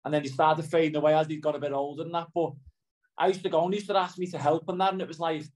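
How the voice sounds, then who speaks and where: A man's voice: fairly high pitch, fairly even intonation, rapid-fire, darkish tone, low-quality recording. A middle-aged man with a Liverpool accent, chatting in an interview, rambling and often asking "do you know what I mean". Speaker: interviewee, footballer. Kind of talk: casual interview chat.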